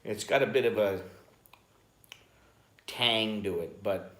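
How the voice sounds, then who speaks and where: A slow-talking American man with a lowish, fairly bright voice rambles through a casual chat on his live stream. He swears a bit along the way, broadcasting from a Bangkok home with roomy echo.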